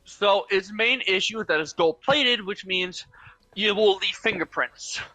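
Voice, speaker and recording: A man's voice: high voice, unhurried, pushed and bright, no echo, low-quality recording. A young man chatting casually over voice chat while gaming, explaining things at length with lots of fillers. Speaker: gaming channel host.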